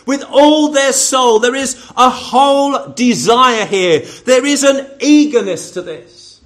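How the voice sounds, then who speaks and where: A high-pitched man gives a sermon in a chatty, conversational way. He keeps turning to his listeners with rhetorical questions and calls on people by name. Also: takes it slowly, a bit bright. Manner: conversational, addressing congregation members by name. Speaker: preacher.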